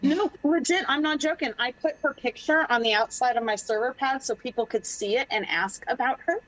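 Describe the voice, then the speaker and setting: A woman in her thirties telling a story on a podcast, animated and profane, acting out the people she quotes. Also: high-pitched, brisk, dull audio. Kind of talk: casual storytelling chat.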